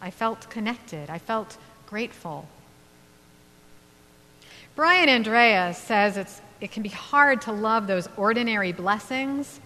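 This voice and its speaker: Woman giving a sermon in a church, slow thoughtful pauses, faint hum behind her. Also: medium pitch, animated. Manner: slow, reflective, with gentle pauses. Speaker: minister. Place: church sanctuary. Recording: long hall reverb, faint hum.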